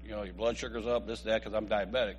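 A man doing a blunt, low-voiced doctor. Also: fairly even intonation, fast talker, lightly acted. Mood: warning. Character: calm, blunt male doctor giving bad news.

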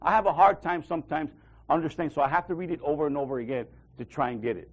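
A man's voice: on the high side, very fast, dull audio. A man giving a casual sermon, talking conversationally and acting out little dialogues with God, often checking in with "right?". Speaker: preacher.

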